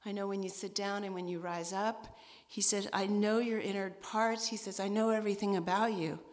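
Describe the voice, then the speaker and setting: A woman's voice: medium pitch, steady tone, a little fast. A middle-aged woman who leads a women's ministry, giving a candid, self-deprecating personal testimony. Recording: echoey hall.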